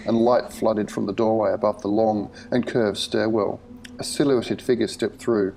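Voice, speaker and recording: A man narrating a horror short story in a measured, vivid storytelling manner. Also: fairly low pitch, fairly even intonation, creaky, a little mellow, a little hiss or hum, low-quality recording.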